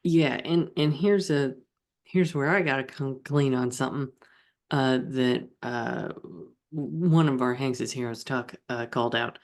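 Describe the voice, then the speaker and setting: A man's voice: medium pitch, measured pace. A man co-hosting a casual comedy podcast, playful and jokey with theatrical flair. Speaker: co-host.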